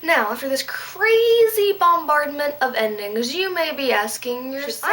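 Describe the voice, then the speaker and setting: A woman's voice: high-pitched, lively intonation, unhurried, hardly any pauses, a bit bright, rough recording. Playful woman teaching Latin verbs. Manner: playful, goofy asides and self-deprecating jokes. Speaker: Latin tutor. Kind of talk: casual video lesson.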